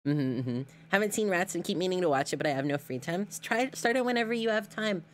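A woman's voice: on the low side, animated, quick pace, slight background noise. A woman streamer chatting casually while reacting to clips, giggly and talkative with lots of fillers.

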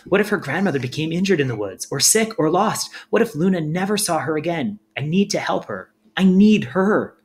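A man's voice: on the high side, sing-song, a little fast, hardly any pauses, pitched above the performer's own voice. A man doing a stubborn, anxious young girl. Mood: defiant.

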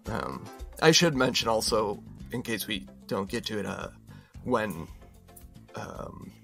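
A man co-hosting a podcast, talking casually and haltingly with many fillers. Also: lowish voice, animated, gravelly, pushed and bright, faint music behind. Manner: hesitant, many fillers and restarts. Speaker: podcast co-host.

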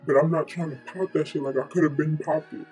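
A swaggering, ranting bar customer who spits out threats, as a woman puts on his voice. The voice sits lower and darker than her usual one. A faint bed of music runs behind it. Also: fairly even intonation, quick pace, darkish tone, husky. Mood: boastful.

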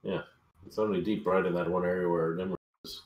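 A man chatting casually as a tabletop game player, thinking out loud and asking questions. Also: low voice, fairly even intonation, a little fast. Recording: echoey room.

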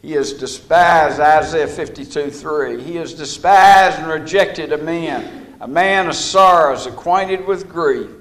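A middle-aged man preaching a sermon, folksy and deliberate, leaning on key words. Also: on the high side, fairly bright tone.

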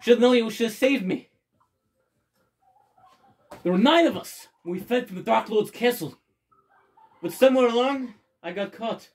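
A gamer reading Luigi's game dialogue aloud, an excitable reunited hero who worries about his missing brother and swears casually. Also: medium pitch, moderate pace, long pauses, pitched above the performer's own voice, natural voice. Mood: relieved, worried.

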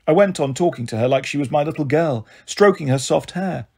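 A man reading a children's novel aloud with steady first-person narration. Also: on the high side, moderate pace, hardly any pauses, slightly rough. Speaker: storyteller.

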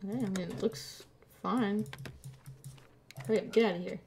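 A woman streamer casually commenting on a game, muttering to herself as she checks documents, playful and unhurried. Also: medium pitch, fairly even intonation, darkish tone, slight background noise. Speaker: gameplay streamer. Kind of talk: casual let's-play commentary.

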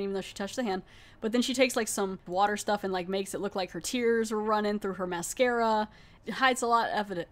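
A woman hosting a podcast who recaps a TV episode in a casual, chatty way, laughing and mockingly acting out the characters' lines. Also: medium pitch. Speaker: podcast host.

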